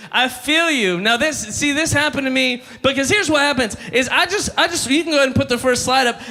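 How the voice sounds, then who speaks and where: High, bright-voiced joking preacher man. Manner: joking storyteller, calls for crowd responses. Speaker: youth ministry speaker. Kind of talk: humorous youth sermon. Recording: long hall reverb.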